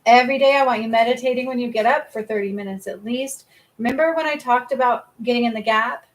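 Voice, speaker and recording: A woman's voice: fairly high pitch, fast talker, rough recording. A woman giving a live-stream spiritual card reading, talking emphatically, often checking in with "okay?" and swearing casually. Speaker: spiritual reader and healer.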